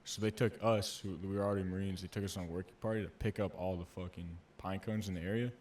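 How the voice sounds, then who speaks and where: A man's voice: deep voice, fast talker, a little hiss or hum. Man hosting a casual podcast chat. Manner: relaxed, profane, lots of "like" fillers. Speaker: podcast host, former Marine.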